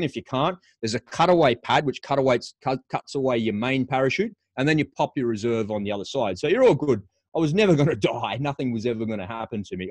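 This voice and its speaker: A man's voice: mid-range voice, no echo. Middle-aged male podcast guest, mid-range voice, candid conversational storyteller, dry studio. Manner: frank, conversational, restarts phrases often. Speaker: podcast guest, former paratrooper.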